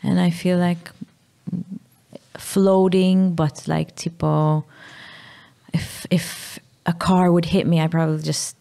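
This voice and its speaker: A Maltese woman in her thirties, speaking candidly as a podcast guest, halting and sometimes dropping to a whisper. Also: lowish voice, level tone, creaky, mellow. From Malta. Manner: halting, drops to a whisper at times. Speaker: guest, mother.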